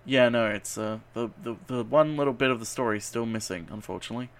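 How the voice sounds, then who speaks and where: A man at an ordinary middle pitch hosts a loose podcast chat, breaking in with bits of trivia. He teases his co-host and fusses over small details, his tone dry and sure of itself. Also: fast talker. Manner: pedantic and teasing, correcting details with trivia.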